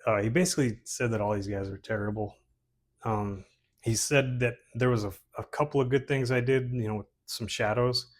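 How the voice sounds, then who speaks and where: A man's voice: medium pitch, steady tone, normal speed. A man casually talking through his old comic portfolio pages, rambling with many fillers and restarts. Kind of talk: casual chat.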